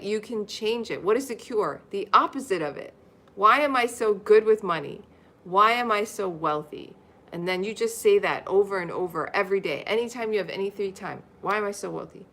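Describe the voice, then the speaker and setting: Bright-voiced woman chatting on a live stream. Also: mid-range voice. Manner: chatty, laughs often, repeats phrases over and over. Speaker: livestream host teaching money affirmations. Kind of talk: casual live-stream teaching.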